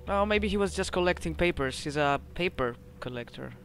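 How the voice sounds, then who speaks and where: A man's voice: sits high, lively intonation, brisk, fairly bright tone, soft background music. A Greek man giving casual, joking commentary over a game and reading letters aloud. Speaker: gameplay commentator. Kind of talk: casual let's-play commentary.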